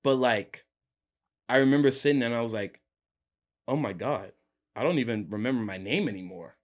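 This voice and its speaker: Brisk and medium-pitched, this young man is a podcast guest spinning a story in easygoing chat. He laughs and stays animated while impersonating his friends' lines.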